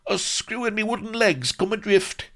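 A man voicing a wheezing, complaining male dwarf servant in a high gasping squawk. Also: moderate pace, fairly bright tone.

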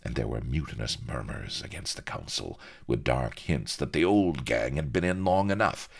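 A man's voice: rumbling low, expressive, normal speed, creaky, slightly rough. A man reading a story aloud in a theatrical, playfully ironic storytelling manner. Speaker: narrator. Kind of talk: audiobook narration.

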